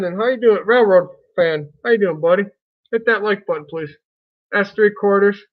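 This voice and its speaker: Man, high-pitched, chatty live streamer, muffled lo-fi sound. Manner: chatty, folksy, greets chat by name. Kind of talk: casual live stream chat with viewers.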